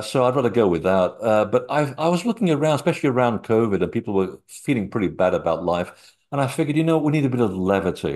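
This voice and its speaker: A low-pitched man chats as an interview guest. He wanders through anecdotes, filling pauses with frequent hesitations. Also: darkish tone. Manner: rambling anecdotal storytelling with frequent fillers. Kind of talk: casual chat.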